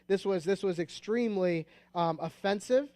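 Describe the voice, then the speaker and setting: A man's voice: sits high, normal speed, a little mellow, dry recording. A man with an American accent preaching a sermon, telling the story in a conversational way with asides and restarts. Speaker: pastor.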